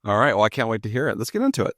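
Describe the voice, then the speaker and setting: Brief: male podcast host, 40s, low-pitched, dry close sound, playful storyteller. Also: sing-song, rapid-fire, a bit bright, no echo. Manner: jokey, self-deprecating, chatty. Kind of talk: casual storytelling chat.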